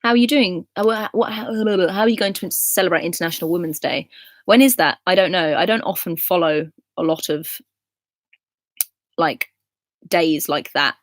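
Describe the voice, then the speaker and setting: Low-voiced Scottish woman chatting live. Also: normal speed, no room sound. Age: 20s. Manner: chatty, laughs often, reads comments aloud. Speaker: livestream host reading viewer comments. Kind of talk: casual live chat.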